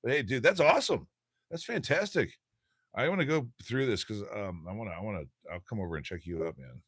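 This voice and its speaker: A man with a very low voice rambles through a casual live stream, stumbling over fillers and restarting his sentences. The sound is close and dry, with no room echo. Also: expressive, brisk, a bit bright, breathy edge. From USA. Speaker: livestream host.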